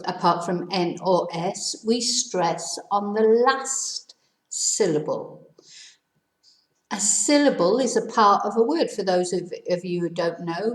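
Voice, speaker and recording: A middle-aged woman teaching in a casual, chatty way, explaining step by step with a self-deprecating aside now and then. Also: medium pitch. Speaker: Spanish teacher. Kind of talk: casual spoken lesson. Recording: echoey room.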